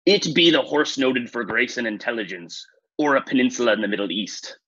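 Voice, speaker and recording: Man putting on a weak pirate voice, husky, lively pitch, dry lo-fi sound. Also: fairly quick. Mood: mock-piratey. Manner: reads clues in pirate grammar, says "be" instead of "is". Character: man playing a hammy, half-hearted pirate quizmaster.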